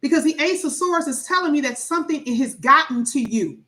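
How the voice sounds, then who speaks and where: A woman's voice: high-pitched, a little fast. A woman giving a tarot reading to viewers, talking emphatically and acting out the voices of people she describes. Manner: animated, acts out quoted voices, emphatic repetition. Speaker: tarot reader.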